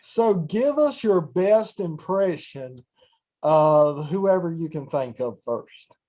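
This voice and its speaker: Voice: medium pitch, animated, slow, warm tone. An interviewer on a ministry broadcast asking short questions to prompt a guest.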